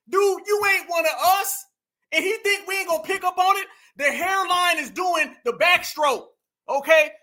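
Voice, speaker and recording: A very high-pitched man with a sharp, forceful tone hosts a reaction commentary. He talks in loud, mocking slang and often breaks into shouts as he tears into a clip. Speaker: commentary host reacting to clips.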